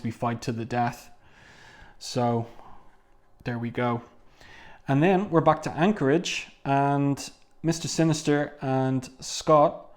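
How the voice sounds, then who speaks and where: Man, casual comic review host, chatty and conversational, mid-pitched voice, reads quoted lines aloud. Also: a little mellow. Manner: chatty, stops to read panel dialogue aloud.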